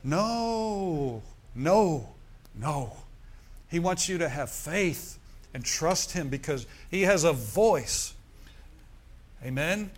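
A man's voice: a little high, animated, takes it slowly. A middle-aged man preaching a sermon, with "amen" and "hallelujah" thrown in to the congregation. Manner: preaching with call-and-response asides. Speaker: pastor.

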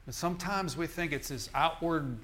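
A man's voice: a little high, moderate pace, fairly bright tone. A male minister preaching a sermon in an emphatic, repetitive style, often restarting his phrases.

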